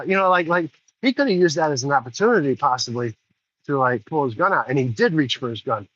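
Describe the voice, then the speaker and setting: A man's voice: mid-range voice, animated, quick pace, fairly bright tone. A middle-aged man telling a story in a casual vlog, angry and swearing freely, recorded outdoors. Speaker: vlogger. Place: outdoors in the rain. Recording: dull lo-fi sound.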